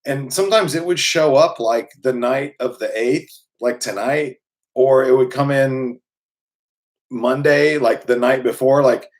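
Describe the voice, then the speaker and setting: A man hosting a casual live stream from home, talking loosely and off the cuff. He rambles through his thoughts with plenty of ums, uhs and restarts, with a voice of middling pitch. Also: a little slow. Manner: rambling, many fillers and restarts. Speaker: channel host.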